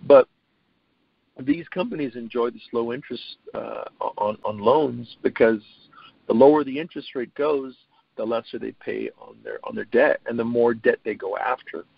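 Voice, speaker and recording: A man's voice: mid-range voice, moderate pace, creaky, husky, no echo. A middle-aged man talking as a guest on an interview show, earnest, often repeating his first words before he gets going. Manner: earnest, repeats words when starting sentences. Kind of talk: casual interview talk. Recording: dull, lo-fi audio.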